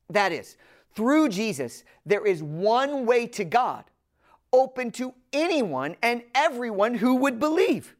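A woman's voice: mid-range voice, darkish tone. Earnest woman preaching a sermon. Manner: earnest, emphatic, slows down on key phrases; direct address to listeners.

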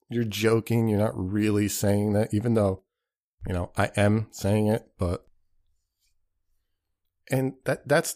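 Speaking in a mellow, fairly low voice, a man hosts a podcast, wandering through a casual monologue that's profane and self-deprecating. Whenever he quotes someone, he performs their voice.

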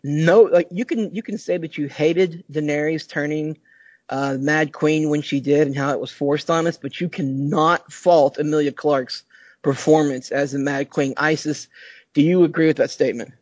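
A podcast host in casual chat who exclaims loudly and swears freely, then steers the talk back to the episode. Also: medium pitch, fairly even intonation, moderate pace, no room sound. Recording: dry, dull lo-fi online call.

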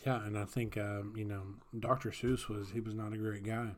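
A man's voice: lowish voice, flat delivery, moderate pace. A man co-hosting a casual podcast, joking and rambling. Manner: jokey, rambling, playful put-on voices. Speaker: podcast co-host. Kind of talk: casual chat.

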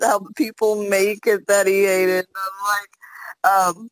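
A woman co-hosting a podcast, chatting casually and animatedly, often slipping into high quoted voices. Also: little pitch movement, slow pace, fairly bright tone, no echo, low-quality recording. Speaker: podcast co-host. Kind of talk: casual chat.

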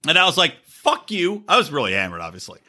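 A man's voice: mid-range voice, very animated, rapid-fire, sharp tone. A man hosting a podcast, telling profane stories and teasing his co-host, laughing often. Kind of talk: crude casual banter.

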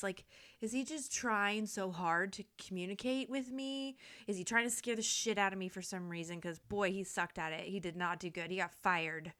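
A young woman hosting a podcast, telling a story in a casual, animated way, laughing often and swearing freely. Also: mid-range voice. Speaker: podcast host.

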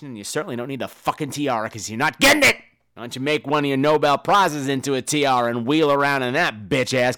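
In a comedic rant on his podcast, a male host goes campy and profane, performing the voices of whoever he quotes. He has a mid-range voice that is pushed, bright and smooth.

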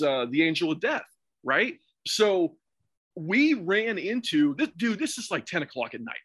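A man's voice: on the high side, a bit bright, dry recording, studio quality. Profane rambling man telling a story. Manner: rambling, profane, many restarts and fillers. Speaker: podcast guest or host. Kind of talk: casual storytelling.

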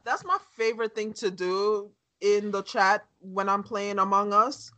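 A woman co-hosting a podcast who trades blunt, profane jokes with her co-host. Her voice is bright and clear, at a middle pitch. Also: unhurried. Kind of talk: casual chat.

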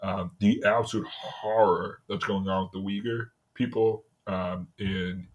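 A man's voice: low-pitched, fairly even intonation, a little slow. A man from in casual chat, telling stories with lots of restarts and frequent laughter. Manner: rambling storyteller, laughs often, many restarts. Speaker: city worker, podcast guest.

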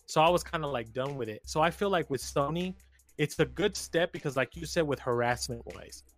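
A man's voice: a little high, a little fast, fairly bright tone, soft background music. A man co-hosting a casual podcast, telling a story animatedly with slang and plenty of swearing. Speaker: podcast co-host. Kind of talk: casual chat.

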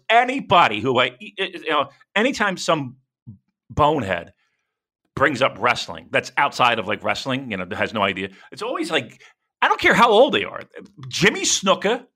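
A man co-hosting a casual podcast, rambling and swearing freely as he talks wrestling. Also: medium pitch. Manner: profane, rambling, animated. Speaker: podcast co-host.

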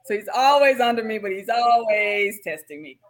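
Woman in her 30s, fairly high voice, chatty and animated, laughs a lot at her own stories. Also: normal speed. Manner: laughs at herself often, animated storytelling. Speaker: guest pelvic floor physical therapist. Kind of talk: casual interview chat.

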